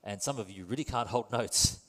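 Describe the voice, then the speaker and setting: A man's voice: fairly low pitch, brisk, a bit bright. A man preaching a sermon in a conversational, wry and self-deprecating way. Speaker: pastor. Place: church. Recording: long reverb in a church hall.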